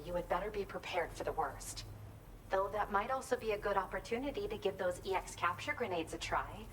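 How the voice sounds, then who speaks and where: An actress playing a calm female scientist in a game, giving a polite, matter-of-fact briefing. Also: medium pitch, far from the mic, a little hiss or hum, lightly acted, rough recording. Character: female scientist studying genes and wildlife, calm. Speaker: game character. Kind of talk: game dialogue.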